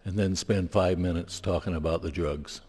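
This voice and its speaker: A man, a state senator, giving a measured, deliberate floor speech in a legislative chamber. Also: low-pitched, fairly even intonation, a little mellow, husky. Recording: long hall reverb.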